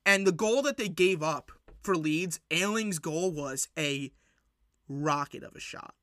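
A man hosting a solo sports podcast, recapping matches in an excitable, rambling way with lots of fillers and restarts. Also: fairly high pitch, a little slow, no room sound, clean studio sound. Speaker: podcast host.

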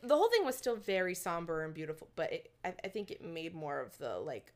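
A woman's voice: fairly low pitch, big pitch swings, fast. A young woman chatting casually, telling a story with many fillers and little laughs. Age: young adult. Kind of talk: casual chat.

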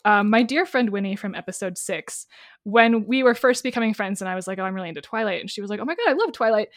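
A woman's voice: mid-range voice, animated, fast talker, no room sound. Chatty woman co-host, dry close sound. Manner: enthusiastic, summarizes chapters. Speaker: podcast co-host. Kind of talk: casual book discussion podcast.

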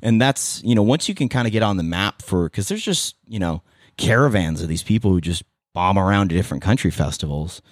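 A man's voice: low voice, a little fast, no echo, studio quality. A man in his thirties with a Californian accent, chatting as a podcast guest, rambling with fillers and restarts. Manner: rambling, many restarts and fillers, animated asides. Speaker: podcast guest, former radio host and event MC. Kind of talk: casual interview chat.

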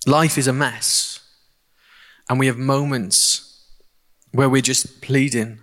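A man preaching a sermon and leading a prayer, earnest and halting, often repeating words. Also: mid-range voice, steady tone, a bit bright, long reverb tail. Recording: faint guitar music behind.

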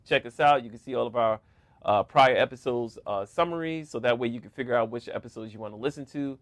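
A man's voice: medium pitch, fast, no room sound. A man co-hosting a casual podcast, joking around and laughing often as he talks. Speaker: podcast co-host. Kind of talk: casual chat.

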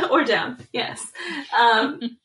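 This guest, a woman who owns a small business, talks very slowly in a slightly high, fairly bright, expressive voice. She's effusive and enthusiastic in casual chat, leaning on fillers like "like" and "um," over a rough recording.

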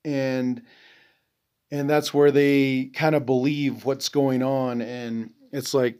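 A man's voice: medium pitch, flat delivery, slow pace, dark tone, smooth. A man from the Navajo Nation hosting a podcast, talking bluntly and profanely, full of "you know". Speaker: podcast host, veteran. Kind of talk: casual monologue.

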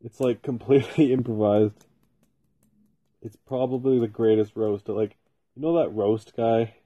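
A man's voice: mid-range voice, a little slow, breathy edge. A man hosting a solo podcast from his basement, rambling casually and swearing constantly. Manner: profane, rambling, heavy swearing. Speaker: podcast host. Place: home basement. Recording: tinny phone-like sound.

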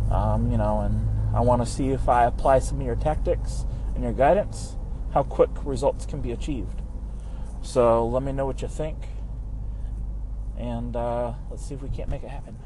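A man's voice: mid-range voice, fairly even intonation, normal speed. A man leaving a hesitant, curious voice message asking for advice as a caller. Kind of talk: casual voice message. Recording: outdoor traffic noise.

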